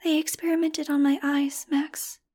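A woman voicing a weak, frightened little girl who speaks in a faint, breathy whisper in an audiobook reading. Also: high-pitched, little pitch movement, moderate pace, a little mellow, voice pushed up, close to an everyday voice.

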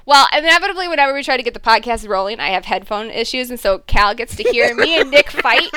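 A woman podcaster with a high, bright voice that leaps all over the place. She chats casually, swearing and laughing through her stories. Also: fast, clean tone, no room sound. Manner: laughing, profane, animated storytelling. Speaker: podcast co-host. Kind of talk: casual chat.

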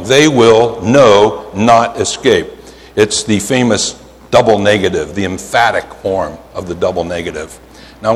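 Male preacher, Pennsylvania accent, animated and emphatic, long reverb of a big hall. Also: on the low side. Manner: animated storytelling, drawn-out emphatic words, frequent "right?". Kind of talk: sermon. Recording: hall reverb, faint ambience.

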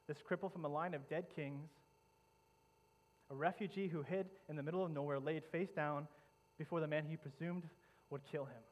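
Brief: male pastor, vivid dramatic storytelling sermon, somewhat high voice, lots of restarts. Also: steady tone, normal speed, low-quality recording.

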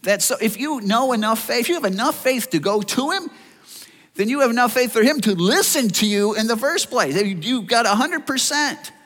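Male pastor, high and bright, animated sermon delivery in a reverberant hall. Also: moderate pace. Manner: animated preaching, acts out voices of listeners and Jesus. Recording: long reverb of a church hall.

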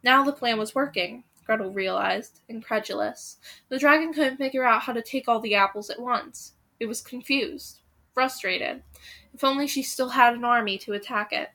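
Bright-voiced woman reading a story aloud. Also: a little high, normal speed. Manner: dramatic, suspenseful pacing.

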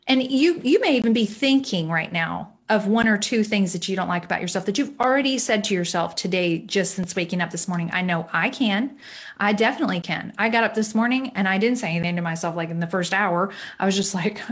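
Speaking to the camera from a room in her home, a middle-aged woman who gives faith-based self-esteem talks in an expressive, medium-pitched voice, fairly quickly. Her loose, rambling style is full of "like" and asides; she's frank, a bit self-deprecating, and encouraging.

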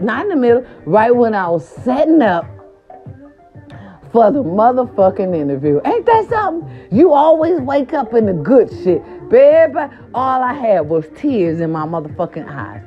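Profane, animated woman vlogger storytelling. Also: fairly high pitch. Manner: animated, profane, preachy, shifts into quoted voices. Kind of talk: casual storytelling and pep talk. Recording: dull lo-fi recording with faint music.

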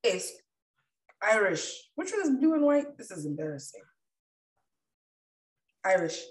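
A woman's voice: mid-range voice, sing-song, measured pace. A woman co-hosting a casual chat, talking loosely with many fillers. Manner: chatty, lots of "like" fillers. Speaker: podcast co-host. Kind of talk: casual chat reviewing a reality show. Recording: echoey room, a bit far from the mic.

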